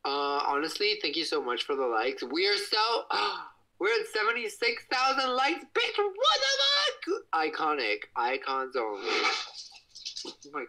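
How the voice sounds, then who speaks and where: A young man chatting casually on a livestream from his home kitchen, excitable and gushing, breaking into high squeals, speaking into a phone held at arm's length. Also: a little slow, rough recording.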